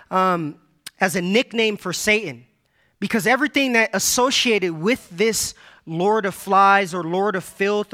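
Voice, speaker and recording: A man's voice: sits high, fairly bright tone. A man preaching a sermon, reading scripture aloud and repeating key phrases for emphasis as he addresses the congregation.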